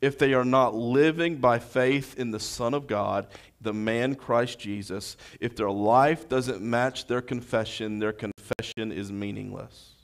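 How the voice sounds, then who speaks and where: A man preaching a sermon as pastor, with impassioned, repetitive phrasing that builds to shouting. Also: medium pitch, fairly even intonation, measured pace, hardly any pauses. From United States.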